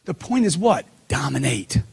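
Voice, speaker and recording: A middle-aged man giving a forceful, preachy motivational seminar talk, firing questions at the crowd. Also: mid-range voice, very animated, moderate pace, vocal fry, husky. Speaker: motivational speaker.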